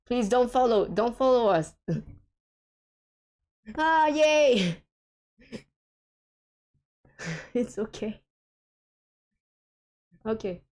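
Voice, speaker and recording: A woman's voice: mid-range voice, warm tone. A woman streaming a co-op game with friends, chatting casually and hesitantly with lots of fillers and frequent giggles.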